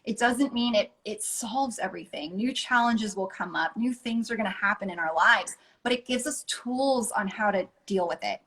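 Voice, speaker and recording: A woman, a life coach, talking as a guest in a casual interview, earnest and enthusiastic and quick to laugh. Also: medium pitch, a bit bright, low-quality recording.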